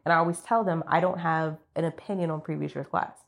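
A woman chatting on a podcast with a fairly low voice that has gone rough from a week of coughing. She talks quickly, speaking up bluntly and then trailing off quietly in her stories. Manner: blunt, animated storyteller who trails off quietly. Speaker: podcast co-host. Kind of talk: casual chat.

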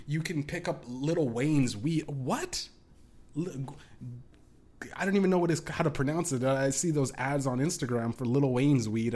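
A young man with a fairly high but darkish-toned voice hosts a solo podcast. He rants casually and rambles, swearing a lot, restarting sentences, and tossing in laughing asides.

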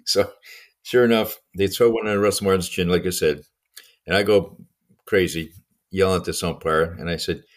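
An older man, a podcast co-host and former baseball coach, telling anecdotes in casual conversation with frequent chuckles. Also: low voice. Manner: fast, lively anecdotes with chuckles.

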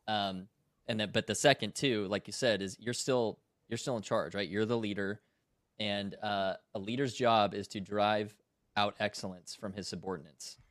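Podcast co-host, male, military commander, low voice, earnest and reflective. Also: fairly even intonation, moderate pace, no room sound, clean studio sound. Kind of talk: casual podcast discussion.

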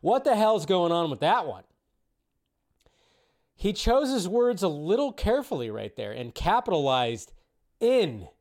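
A man's voice: a little high, very animated, measured pace, pauses often, a little mellow. A man hosting a casual live stream about film news, chatty and rambling, cursing now and then.

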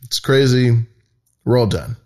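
A man's voice: mid-range voice, measured pace, darkish tone. Profane, rambling male podcast host. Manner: loose, profane, mocking, full of restarts. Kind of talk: casual profane commentary.

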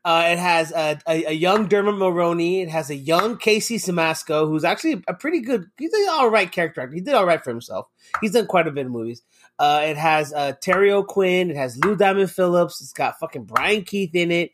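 Guy hosting a podcast, kinda high voice, rambly, swears a lot, casual chat. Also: lively intonation, a little fast. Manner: rambling, profane, goes off on tangents. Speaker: podcast host.

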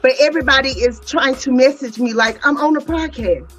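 A tipsy woman hosting a casual online celebration over a video call, loud and animated and often laughing. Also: high voice, brisk, soft background music. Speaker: host.

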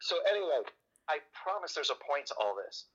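A man, a magician, telling a story in a casual chat, animated and joking, in a dull lo-fi recording. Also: fairly high pitch, a little fast, slightly rough.

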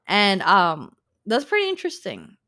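A woman hosting a casual podcast, animated and talking straight to her listeners about the news. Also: medium pitch, moderate pace, no echo, clean studio sound. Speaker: podcast host presenting news. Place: lives in New York.

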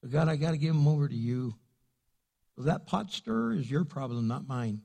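A man preaching as pastor in a casual, animated way, acting out the people he quotes. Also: mid-range voice, a little fast, creaky, big-room sound. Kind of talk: sermon. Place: church sanctuary.

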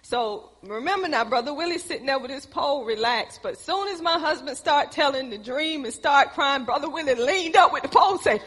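A woman preaching a sermon, telling stories and building to excited emphasis. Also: high voice, long reverb tail. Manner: storytelling, rising to excited emphasis.

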